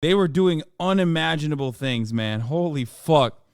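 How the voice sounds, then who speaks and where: A man streaming, reacting to a video in a profane, animated riff. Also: on the high side, normal speed, smooth, no echo, studio quality.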